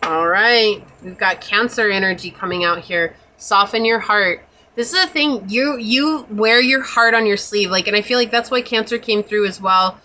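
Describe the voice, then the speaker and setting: A woman's voice: medium pitch, moderate pace, sharp tone, low-quality recording. A woman doing a pick-a-card tarot reading, talking in a chatty, reassuring, spiritual way with many casual fillers. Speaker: tarot reader.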